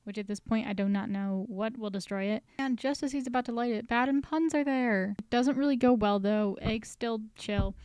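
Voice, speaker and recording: A woman's voice: a little high, moderate pace, hardly any pauses, darkish tone, clean tone, no echo, poor audio. A woman casually recapping a story, chatty and full of joking asides. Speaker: recap host.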